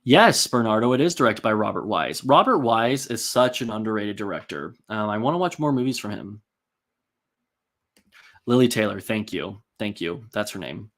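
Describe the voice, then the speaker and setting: A man's voice: on the low side, very animated, moderate pace, fairly bright tone. A man hosting a casual live-stream, rambling and chatty with many ums and likes as he reads out and answers viewer comments.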